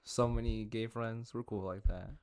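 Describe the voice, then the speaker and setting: A man co-hosting a casual comedy podcast, playful and teasing, quick to laugh. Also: fairly low pitch, steady tone, a little mellow, clear, resonant tone. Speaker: podcast co-host.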